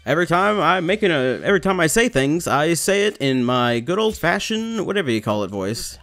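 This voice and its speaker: A man's voice: on the high side, big pitch swings, a little fast, fairly bright tone, faint music behind. Ranting young man playing a game. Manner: frustrated, ranting, swearing. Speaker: gamer. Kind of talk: let's play commentary.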